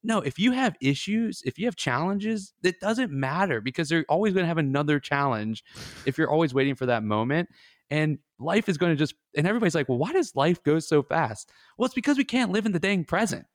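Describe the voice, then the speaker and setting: A man's voice: fairly high pitch, lively intonation, fast talker, no room sound, studio quality. A man who is a financial wellness advisor, explaining his ideas in casual podcast chat, rambling and often checking in with "right?".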